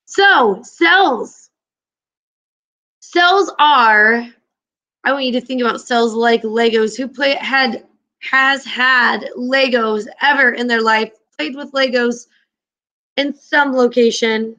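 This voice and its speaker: A woman's voice: on the high side, takes it slowly, pushed and bright. A woman teacher leading an online class, upbeat and encouraging with her students.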